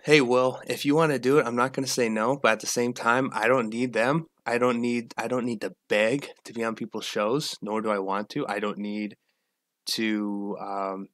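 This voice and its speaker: A man's voice: medium pitch, flat delivery, moderate pace, a bit bright, dry recording, studio quality. A man hosting a casual livestream, rambling with repeats and restarts and greeting viewers from the chat. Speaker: livestream host.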